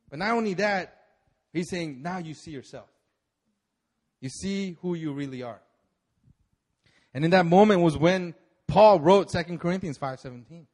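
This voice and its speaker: A man preaching a sermon with animated, chatty storytelling, his voice sitting fairly high for a man. He keeps the tone conversational and acts out the people in his story. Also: normal speed, long pauses. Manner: animated storytelling, acting out biblical figures with laughs. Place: church service.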